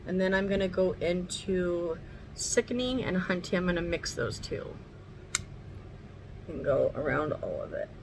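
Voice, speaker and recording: A woman's voice: on the low side, a little slow, creaky, background noise. A woman chatting casually through a makeup tutorial at home, rambling and swearing now and then. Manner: talks sweetly to her dog. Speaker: makeup vlogger.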